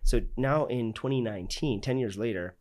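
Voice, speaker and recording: Chatty man telling animated stories. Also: mid-range voice, normal speed. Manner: animated, lots of "like" and quoted dialogue. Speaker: podcast host. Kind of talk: casual storytelling.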